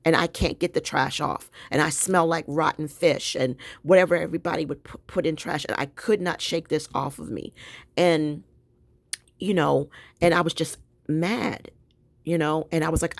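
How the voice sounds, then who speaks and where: A woman's voice: low-pitched, a little slow, no room sound. A woman telling a story in a chatty, exasperated way, venting to her viewers. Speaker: vlogger. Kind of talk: casual storytelling vent.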